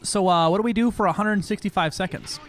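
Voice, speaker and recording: An American man streaming a space game, chatting loudly and profanely, joking with his chat. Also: sits high, fast talker. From United States. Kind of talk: casual live-stream chat.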